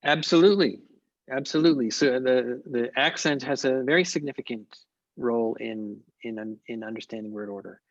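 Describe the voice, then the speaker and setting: A man speaking at a conference, answering questions in a measured, thoughtful way with frequent pauses and restarts. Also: mid-range voice, no echo, highs cut off. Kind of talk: academic Q&A on an online call.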